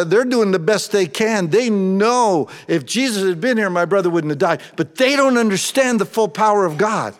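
Man, pastor preaching, emphatic, rises loud then drops hushed, slightly high voice, long reverb. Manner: emphatic preaching, swinging between loud urgency and quiet intensity. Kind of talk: sermon.

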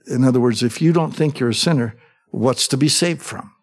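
A man's voice: mid-range voice, fairly quick. A middle-aged male pastor preaching a sermon, who talks conversationally and keeps asking the congregation whether they agree.

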